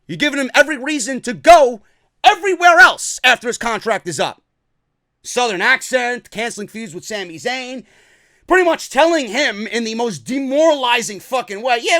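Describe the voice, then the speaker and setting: A man hosting a wrestling commentary show, ranting angrily and profanely and often shouting. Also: high voice, no room sound, studio quality.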